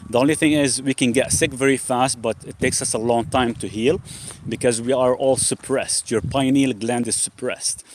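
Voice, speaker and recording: A man's voice: medium pitch, background noise. A man hosting a casual live Q&A outdoors in a backyard with chickens. He rambles, restarts his sentences and leans on the word "actually". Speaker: host.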